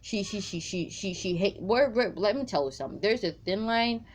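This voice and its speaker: A woman's voice: mid-range voice, lively intonation, moderate pace, slight background noise. A woman doing a tarot reading straight to the viewer, blunt and emphatic, swearing freely and repeating her points. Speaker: tarot card reader.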